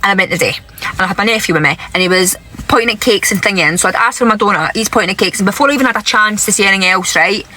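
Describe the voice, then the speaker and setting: A woman's voice: mid-range voice, rapid-fire, bright, forceful tone. A woman ranting angrily into her camera, swearing heavily and often checking in with "right?". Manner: exasperated, swearing, keeps asking "right?". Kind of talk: angry vlog rant.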